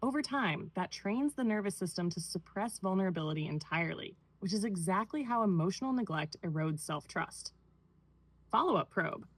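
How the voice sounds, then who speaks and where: Calm synthetic woman's clinical voice. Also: medium pitch, breathy edge, no room sound, poor audio. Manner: measured, even, clinical. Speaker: AI therapist-style responder. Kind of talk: clinical analysis read aloud.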